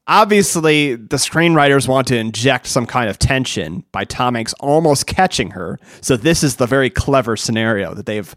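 A man co-hosting a casual movie podcast who laughs often and talks in quick bursts. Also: mid-range voice, lively intonation, a bit bright, dry recording, studio quality. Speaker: podcast co-host.

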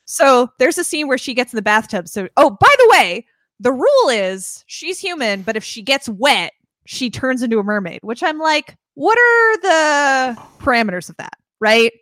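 A woman co-hosting a casual movie podcast, acting out scenes in quick voices. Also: on the high side, no echo, studio quality. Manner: animated, acts out scenes in voices. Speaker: podcast co-host.

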